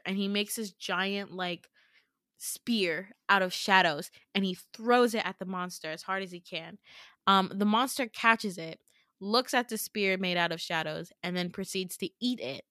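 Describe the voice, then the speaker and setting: A woman's voice: medium pitch, measured pace, no room sound, studio quality. Casual young woman retelling a dream. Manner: animated, casual, swears freely. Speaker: podcast host.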